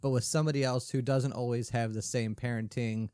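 A man's voice: medium pitch, fairly even intonation, fairly quick, dark tone, clean tone, no room sound, clean studio sound. A man co-hosting a podcast, a parent talking in a wry, offhand way during casual banter. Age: adult parent. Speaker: podcast co-host.

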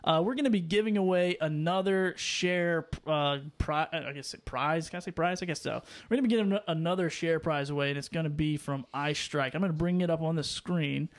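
A man's voice: a little high, a little fast, few pauses. A man co-hosting a live fishing stream, chatting loosely and greeting viewers by name. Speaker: co-host of a live fishing show. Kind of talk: casual live-stream chat.

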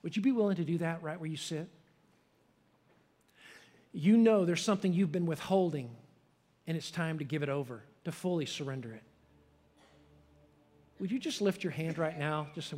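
A middle-aged man preaching a sermon as a pastor, leading an altar call and prayer, impassioned and swelling to loud peaks before dropping soft. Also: fairly high pitch, moderate pace, pauses often. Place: large church sanctuary. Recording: long hall reverb.

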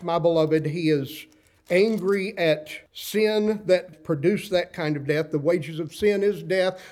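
Slowly and passionately, a man in his sixties delivers a sermon, leaving dramatic pauses and quoting scripture in archaic language. His voice is fairly high and a little mellow.

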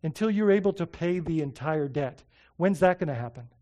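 A man preaching a sermon as pastor, animated, often repeating himself and asking his listeners rhetorical questions, moving between loud emphasis and soft heartfelt asides. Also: a little high, fairly quick.

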